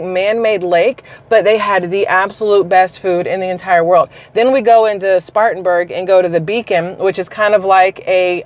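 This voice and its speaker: A woman from South Carolina, a YouTuber giving casual news commentary in a chatty, blunt and digressive way. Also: lowish voice.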